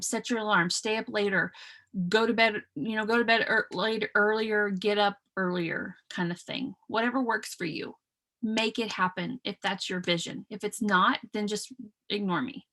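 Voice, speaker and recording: A woman's voice: medium pitch, steady tone, moderate pace, a bit bright. A woman in her thirties leading a business video call, talking in an earnest, chatty way with many fillers and restarts. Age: 30s. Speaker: team leader hosting a business call. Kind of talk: casual motivational talk on a video call.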